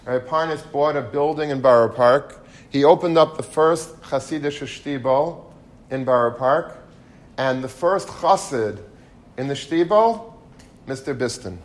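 A man giving an animated storytelling lecture, mixing in Hebrew and Yiddish terms. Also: medium pitch, unhurried.

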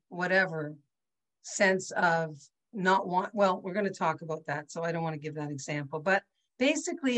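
Heard on a low-quality recording, a female teacher with a fairly low, fairly bright voice gives a conversational lecture to her online class over video call. She's chatty and keeps checking in with listeners, saying "right?" and "okay?" often.

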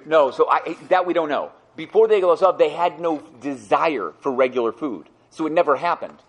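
A man's voice: on the high side, normal speed. A man teaching a Torah class, explaining sources to students with rhetorical questions and repeated phrases. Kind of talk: lively explanatory class talk.

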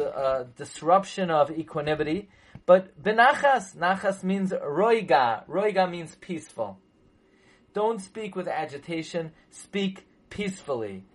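A man's voice: sits high, low-quality recording. A man teaching a religious text in a lecture, making his point emphatically, repeating it and asking rhetorical questions, with Hebrew and Yiddish terms mixed into his English. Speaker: Torah teacher.

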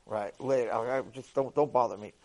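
A man at a middle pitch tells a first-person story as a lecture. He acts out every exchange, dropping to a near mutter and then bursting out loud. His delivery stays animated, with plenty of quick asides. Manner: animated, acts out dialogue, swings between hushed and loud. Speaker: Torah lecturer.

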